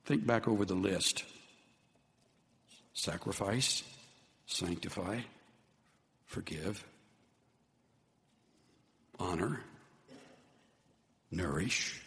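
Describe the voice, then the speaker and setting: Earnest preaching man in a reverberant hall. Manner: earnest, dropping to soft low tones for emphasis. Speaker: pastor. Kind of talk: sermon.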